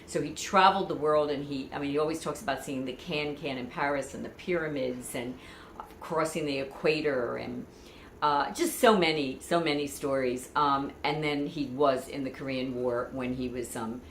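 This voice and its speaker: A woman's voice: extremely low pitch, moderate pace, a little hiss or hum. A woman chatting through family memories in a meandering, conversational way, full of asides. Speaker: vlogger. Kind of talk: personal storytelling. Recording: echoey room.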